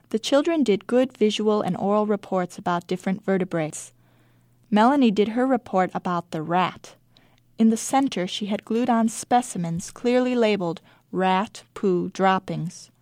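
A woman's voice: mid-range voice, darkish tone, no echo. Dry-voiced woman telling a wry story. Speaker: teacher. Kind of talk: reading diary entries aloud.

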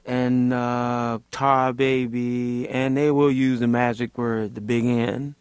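A man's voice: mid-range voice, flat delivery, slow, clear, resonant tone, no echo. A man from Louisiana, a Vietnam veteran, telling his story in a rambling, vivid way that is full of "like" and "you know". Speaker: Vietnam veteran, former Marine. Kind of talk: casual storytelling interview.

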